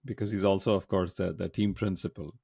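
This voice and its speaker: A man's voice: deep voice, steady tone, fairly quick, gravelly, crowd noise. A man hosting a podcast, telling stories with a playful, joking manner. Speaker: podcast host. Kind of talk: casual podcast chat.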